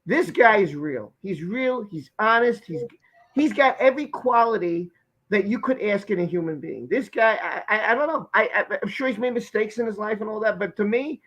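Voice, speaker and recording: A man's voice: high-pitched, animated, moderate pace, a bit bright, low-quality recording. A man with a Brooklyn accent hosting a live stream chat, talking emphatically and effusively, often repeating himself. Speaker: host.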